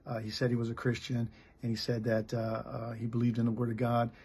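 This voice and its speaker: Very raspy, gravelly middle-aged American pastor. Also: male voice, mid-range voice, completely flat delivery, fairly quick, a little mellow. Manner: blunt, plain-spoken, frequent restarts. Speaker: pastor and missionary. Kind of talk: candid sermon.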